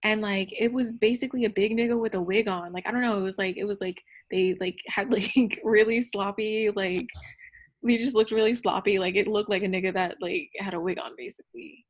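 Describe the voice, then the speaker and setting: A young woman talks on a podcast and shares a personal story. Her voice sits at a middling pitch. She speaks candidly and profanely, with many fillers. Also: steady tone, brisk. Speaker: podcast guest. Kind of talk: casual storytelling chat.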